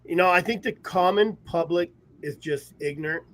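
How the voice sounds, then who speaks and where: A podcast host rambles through loosely told stories from his trailer, joining over a remote call and laughing frequently. The casual chat comes in a high-sitting, fairly bright male voice at a moderate pace.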